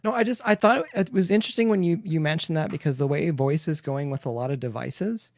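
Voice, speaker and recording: A man's voice: on the high side, quick pace. A man hosting a podcast interview, chatty and rambling, laughing often as he asks questions. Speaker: podcast host. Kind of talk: casual interview chat.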